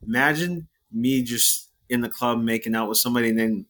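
A man's voice: medium pitch, a little fast. A man in casual podcast chat, telling a club story with lots of swearing and quoted dialogue. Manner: animated storyteller, swears a lot.

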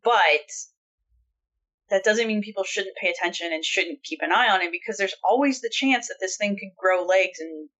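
A woman's voice: mid-range voice, normal speed, fairly bright tone. A woman co-hosting a podcast, giving blunt, opinionated and sarcastic commentary in casual discussion. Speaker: podcast co-host.

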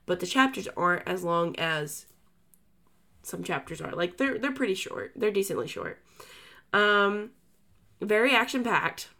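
A woman co-hosts a casual book podcast in a middle-pitched voice. She talks in a loose, chatty way and circles back on herself with frequent fillers and restarts. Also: animated, measured pace, long pauses, sharp tone.

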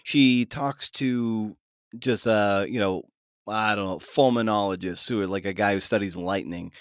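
A man's voice: on the low side, measured pace, smooth, no echo, clean studio sound. A male podcast host chatting casually with a guest, rambling with many restarts. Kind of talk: casual interview chat.

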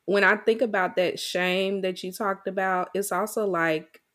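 A woman's voice: mid-range voice, fairly even intonation, unhurried, a bit bright. A woman with a Southern US accent interviewing a poet, earnest and conversational.

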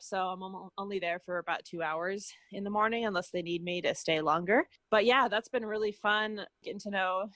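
Low-voiced woman, chatty, dry sound. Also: fairly bright tone, no room sound. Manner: chatty, explaining at length with restarts. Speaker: podcast co-host. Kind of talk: casual chat.

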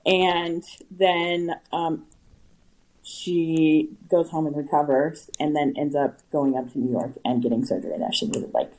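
This is a young woman with a slightly low voice, chatting casually as a co-host. She talks in a relaxed way and answers her friend with short, sympathetic reactions. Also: unhurried, slight background noise, low-quality recording. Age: young adult. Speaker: podcast co-host. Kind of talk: casual chat.

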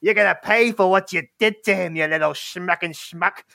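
A man's voice: sits high, moderate pace, creaky, bright, forceful tone, no echo, clean studio sound, voice pushed up, full character voice. A man voicing a snarling blue troll who threatens a victim, in a tabletop game. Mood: menacing.

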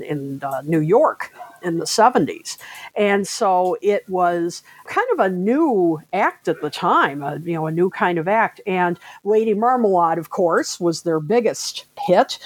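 Low-voiced woman podcast co-host. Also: breathy edge, no echo. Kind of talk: casual music history chat.

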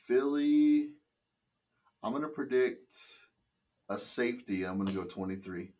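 A man co-hosting a podcast, talking in a relaxed, matter-of-fact way. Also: medium pitch, unhurried. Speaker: podcast co-host. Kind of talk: casual chat.

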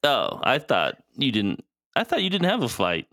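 A man's voice: mid-range voice, wildly swooping pitch, moderate pace, bright, forceful tone, no room sound, clean studio sound. A man co-hosting a casual podcast, asking many questions and laughing often, on a new cheap mic. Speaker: podcast co-host. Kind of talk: casual chat.

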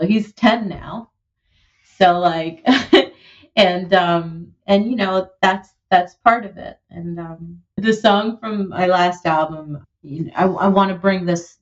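A woman in her thirties, a musician being interviewed, talking in an animated, heartfelt way with lots of "like" and "you know". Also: on the low side, highs cut off. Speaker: musician and producer, guest. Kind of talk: conversational interview.

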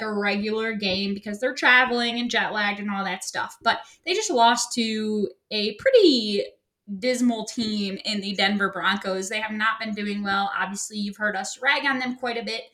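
A woman co-hosts a casual sports podcast, chatty and playful and quick to giggle. Her voice sits a little high and has a bright, crisp edge. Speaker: podcast co-host.

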